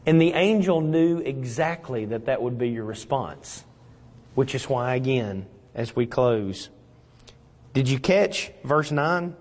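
A male pastor preaching a sermon, dramatic and swinging between loud emphasis and hushed moments. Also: medium pitch, lively intonation, slow. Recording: long reverb in a large hall.

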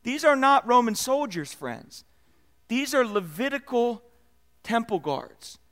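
A man with a high voice preaching a sermon. He leans into key phrases, then drops his voice low and quiet to let them land. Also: takes it slowly. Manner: expressive preaching, swells and drops in volume for emphasis. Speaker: pastor.

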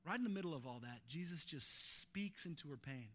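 Expressive and a little fast, this pastor's slightly high voice drives an emphatic sermon loaded with adjectives. He moves back and forth between loud urgency and gentle, hushed tenderness.

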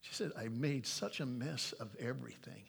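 An older man delivers a sermon in an earnest, pleading way. He reads scripture aloud with heavy emphasis, in a voice of ordinary pitch for a man. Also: moderate pace, gravelly, breathy edge. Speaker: pastor.

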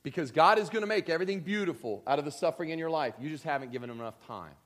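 A male preacher in full sermon, talking straight to the congregation in a slightly higher-than-usual voice. He is earnest and personal, and he swings into loud, animated emphasis to press his points home. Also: racing. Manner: earnest, direct address to the congregation, builds to animated emphatic bursts.

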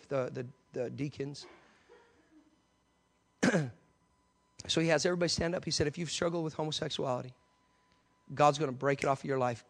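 A man preaching a sermon, telling an animated story and acting out the voices in it. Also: on the high side.

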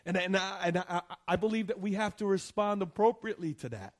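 A man preaching in a slightly higher register than most men. He talks to the congregation in an easy, conversational way, often asking "right?" and circling back to repeat his points. At times he presses a line harder for emphasis. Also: brisk. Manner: conversational preaching with frequent "right?" and restarts, rising to emphatic peaks. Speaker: pastor. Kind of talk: sermon.

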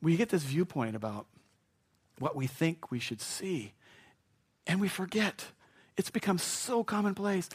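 A man preaching a sermon, talking to his congregation like a friend. His voice sits a little high for a man. He drops to near whispers and then breaks into loud shouted asides. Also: very animated, measured pace, breathy edge. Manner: conversational preaching, swings from hushed to shouted asides. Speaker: pastor.

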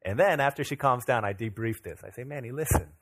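A man in his thirties, a pastor, preaching a sermon that opens with a lively family anecdote, acting out the dialogue in it. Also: medium pitch, fast talker. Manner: animated, acts out dialogue in anecdotes. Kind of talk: sermon with storytelling.

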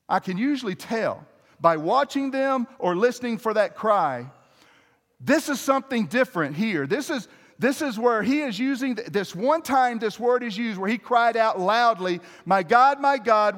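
A male pastor with a high-pitched voice delivers a sermon, his words carrying a long reverb through a church hall. He talks conversationally, restarting phrases and turning to the congregation with questions. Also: fairly bright tone.

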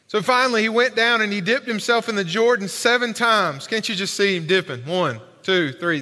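Bright-voiced preaching man in a reverberant hall. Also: high voice, brisk, few pauses. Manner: emphatic, rhetorical questions, colloquial asides. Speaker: pastor. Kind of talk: sermon.

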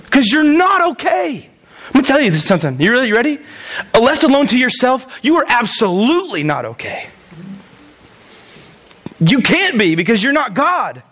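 A pastor with a strikingly high voice preaches in his church. He jokes with the congregation, then leans hard into his points with emphatic repetition. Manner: animated, joking, emphatic preaching. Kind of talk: sermon.

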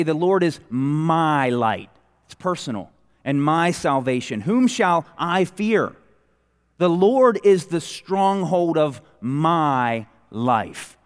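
A man preaching a sermon with earnest emphasis, slowing down whenever he quotes scripture. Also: fairly high pitch, big-room sound. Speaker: pastor.

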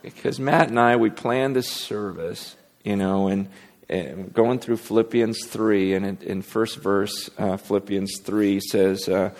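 Unhurried and fairly even in intonation, this pastor's fairly low, darkish voice rings out with a long reverb tail in the church sanctuary. His sermon is candid and wandering, with self-deprecating asides and many restarts.

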